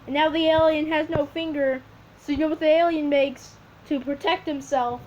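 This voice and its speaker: A woman making up a story as she draws, rambling and halting, with many restarts. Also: high voice, fairly even intonation, a little mellow. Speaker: video creator. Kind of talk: improvised storytelling while drawing. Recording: dull lo-fi recording with faint hiss.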